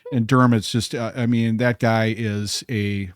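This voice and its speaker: A man's voice: on the low side, steady tone, measured pace, no room sound, studio quality. A man, co-hosting a podcast, telling rambling bar stories and acting out the voices of the people in them. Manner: rambling, acts out quoted voices. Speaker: podcast co-host. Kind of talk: casual bar chat, storytelling.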